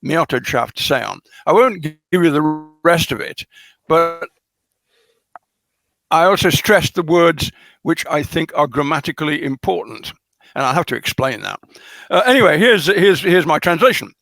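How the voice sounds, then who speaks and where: A man being interviewed as a scholar, explaining carefully in an unhurried lecturing way, full of ums and restarts. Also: on the high side, animated, creaky, fairly bright tone, no echo. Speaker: guest scholar. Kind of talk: lecturing conversation.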